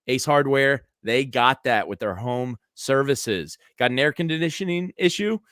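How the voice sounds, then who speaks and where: A man co-hosting a sports podcast, reading ads in a chatty, energetic way and talking football casually. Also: mid-range voice, unhurried, no room sound, clean studio sound. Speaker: podcast co-host. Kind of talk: casual sports chat with host-read ads.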